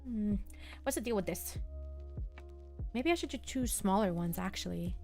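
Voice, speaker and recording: A woman's voice: mid-range voice, expressive, normal speed, soft background music. A young woman streaming live, chatting casually and musing to herself and her chat while she journals. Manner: soft, musing, talks to herself and chat with many fillers.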